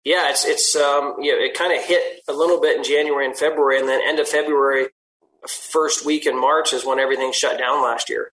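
A man's voice: mid-range voice, fairly even intonation, brisk, a bit bright, a little hiss or hum, low-quality recording. A man, a hunting outfitter guest, talking easygoingly and rambling at length. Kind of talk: casual interview chat.

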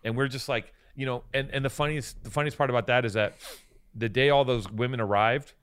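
A man's voice: mid-range voice, steady tone, fairly quick, a bit bright, clean tone. A man in his forties, a podcast co-host, chatting casually and telling long, rambling stories full of swearing. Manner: profane, rambling storyteller. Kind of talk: casual chat.

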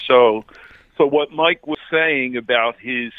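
A man's voice: mid-range voice, takes it slowly, no echo. A man in his sixties calling in to a sports radio show, reminiscing in a rambling way. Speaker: caller. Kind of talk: call-in chat. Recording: tinny phone line.

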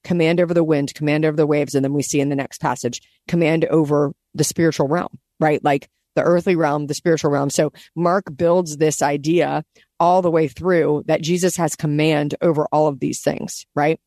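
A woman co-hosting a casual Bible-study podcast, talking animatedly and acting out scenes in lively quoted voices. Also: low-pitched, moderate pace, dry recording, clean studio sound. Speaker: podcast co-host.

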